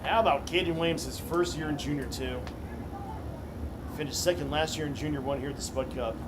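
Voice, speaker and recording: A man's voice: a little high, steady tone, a little fast, heavy background noise. A man announcing a live kart race, calling laps and introducing drivers in short, punchy phrases. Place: kart racing track.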